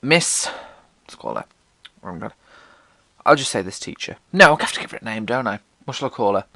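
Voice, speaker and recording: Sing-song, brisk and creaky, this male podcast host's pushed, bright voice has no room sound. He tells funny stories about his own life, poking fun at himself, swearing and performing what people said in jumpy pitch.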